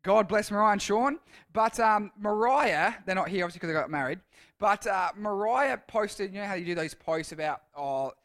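A man's voice: high-pitched, animated, moderate pace, fairly bright tone. A man with an Australian accent giving a casual sermon, telling a rambling story and often correcting himself as he goes. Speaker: youth speaker.

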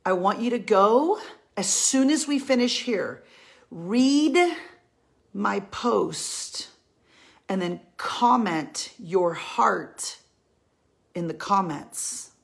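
A woman's voice: medium pitch, lively intonation, drawn-out words, vocal fry, long pauses. A woman giving a heartfelt faith talk to her women followers, earnest and pleading, repeating her key lines for emphasis. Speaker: Christian women's encourager.

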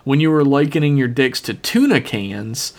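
A man's voice: medium pitch, expressive, moderate pace. A young man co-hosting a podcast with dry, sarcastic, crude banter. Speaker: podcast co-host.

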